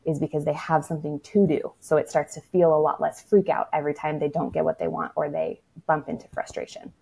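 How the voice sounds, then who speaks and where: A woman's voice: deep voice, flat delivery, brisk, vocal fry, mellow, slightly rough. A woman speaking as a toddler-parenting expert in a casual podcast conversation, frank and matter-of-fact, with lots of "like" and the odd swear word.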